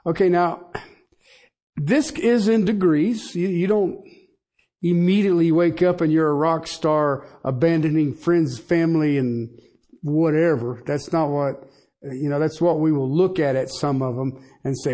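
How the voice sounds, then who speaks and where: A man's voice: on the high side, unhurried, dark tone. A middle-aged man preaching a sermon in a conversational way, with asides and rhetorical questions to the congregation. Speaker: pastor.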